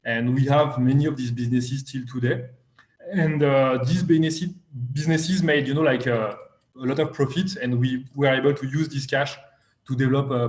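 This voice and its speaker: A man's voice: mid-range voice, darkish tone, echoey room. A man speaking as a guest investor in a live online interview, talking hesitantly with many fillers.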